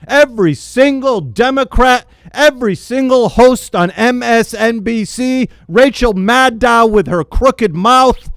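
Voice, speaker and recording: A man angrily venting in a spoken rant, yelling, repeating himself and stumbling over his words in frustration. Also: very high voice, unhurried, hardly any pauses, no room sound. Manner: repeats phrases for emphasis. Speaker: political vlogger.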